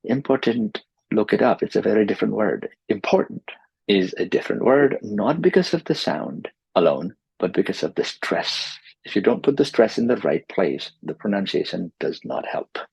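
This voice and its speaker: Man, teacher, husky voice, lively pitch, patient explaining, dry dull recording. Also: normal speed, no echo. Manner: explains patiently, models words with exaggerated stress. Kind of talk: pronunciation lesson.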